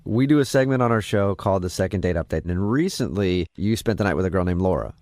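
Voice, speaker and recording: A man's voice: deep voice, animated, quick pace, darkish tone, no room sound. A man co-hosting a morning radio show, joking and self-deprecating as he banters and places a call. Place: radio studio. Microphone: studio microphone.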